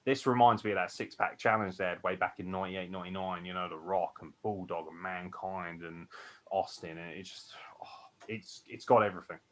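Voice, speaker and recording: A tired man co-hosting a wrestling podcast, gushing excitedly and swearing a lot as he rambles. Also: sits low, a little fast. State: tired from no sleep. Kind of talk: excited casual chat.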